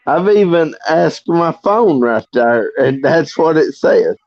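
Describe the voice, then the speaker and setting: A man's voice: fairly high pitch, lively intonation, takes it slowly, darkish tone, dry recording. A man, talking in an earnest, folksy way on a livestream. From Arkansas. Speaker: livestream guest. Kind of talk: casual chat. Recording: dry, dull lo-fi audio.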